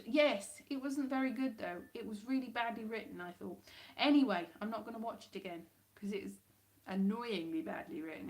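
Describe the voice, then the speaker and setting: A woman hosting a casual livestream from home, rambling, chatty and quick to laugh at herself. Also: medium pitch. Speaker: livestream host.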